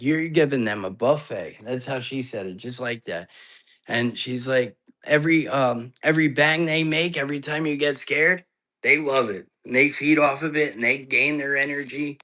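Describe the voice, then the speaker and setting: A man with a medium-pitched, sharp-toned voice comes through on a rough recording. As host of a live ghost-hunting stream, he tells the story of a phone call casually, in an earnest, anxious ramble full of restarts.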